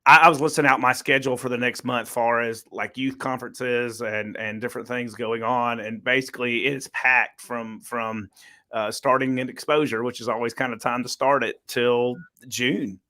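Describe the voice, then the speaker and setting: Southern man co-host, middle-aged, bright forceful tone, jokey and quick to laugh. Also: medium pitch. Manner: laughs often, animated and joking. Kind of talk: casual chat.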